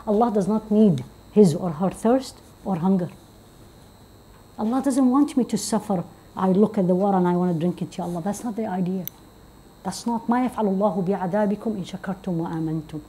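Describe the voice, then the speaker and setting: Husky woman. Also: dark tone. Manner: earnest, questioning the audience, rising to emphatic high points. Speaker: religious teacher. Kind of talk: religious talk to women. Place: community centre hall.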